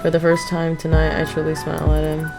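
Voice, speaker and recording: Game music plays behind a woman streamer who reads a visual novel aloud, breaking off for side comments and correcting herself when she misreads. She speaks fairly quickly in a low, creaky monotone.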